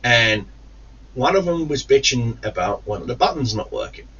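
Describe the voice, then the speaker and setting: A man recounts an old workplace brawl with plenty of swearing, his pitch leaping up and down as he acts out each moment. His tone is bright and forceful. He sits a little back from the mic, and the sound is slightly dull and lo-fi. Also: moderate pace, slightly rough, recorded from a distance. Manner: profane, animated anecdote-telling with acted-out quotes. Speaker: gaming YouTuber. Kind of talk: casual storytelling to camera.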